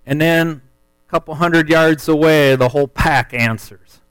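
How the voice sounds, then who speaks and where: A man, telling a hunting story in a folksy, animated way as part of a sermon. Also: a little high, a little slow, clear, resonant tone, no room sound, poor audio. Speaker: speaker telling a testimony.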